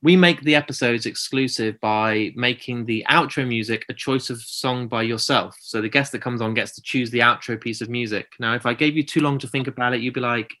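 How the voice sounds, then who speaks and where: Chatty podcast host, bright voice. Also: male voice, mid-range voice, a little fast, few pauses. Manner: chatty, asks long rambling questions. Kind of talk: casual interview chat.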